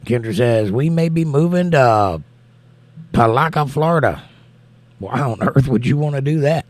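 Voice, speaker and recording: A man's voice: mid-range voice, lively intonation, moderate pace, darkish tone, no room sound. A man hosting a livestream, reading viewer comments aloud and answering them in casual chat.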